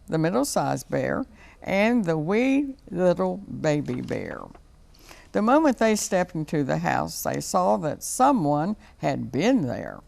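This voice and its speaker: A woman reads a children's storybook aloud in a slow, expressive, sing-song manner. Her voice is on the low side, with a strong gravelly fry, and swings widely in pitch. She is recorded in a TV studio.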